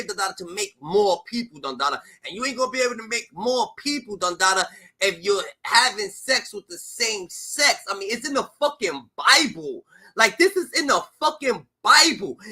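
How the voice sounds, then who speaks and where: A young man on a live stream, ranting heatedly with lots of swearing and a constantly repeated catchphrase, at times shouting. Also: very high voice. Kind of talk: heated livestream rant.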